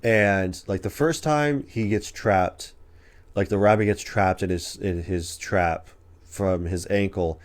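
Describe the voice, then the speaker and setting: A man's voice: sits low, slow. A man co-hosting a casual movie review podcast, recapping the plot in a rambling way with lots of filler words. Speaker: podcast co-host.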